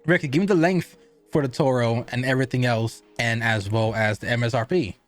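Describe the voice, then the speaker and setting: A man's voice: mid-range voice, a little fast, faint music behind. Chatty man reviewing cigars. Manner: rambling, asks and answers his own questions.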